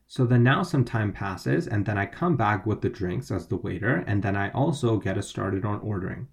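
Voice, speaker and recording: A man's voice: on the low side, lively intonation, normal speed, creaky. A man teaching, walking through a dialogue and explaining each word and tone step by step. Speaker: language teacher.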